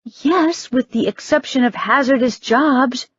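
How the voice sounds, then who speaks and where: A woman reads a sharp-tongued, exasperated businesswoman, blunt and impatient with her partner. The voice sits mid-high and pushes forward. The recording is muffled and dry, with no room sound. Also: measured pace, breathy edge, dry recording.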